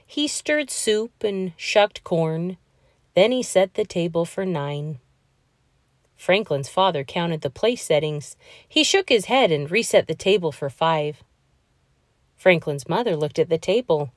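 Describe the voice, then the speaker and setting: A woman reading a children's picture book aloud, in a slow, expressive storytelling voice. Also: fairly low pitch, no echo, studio quality.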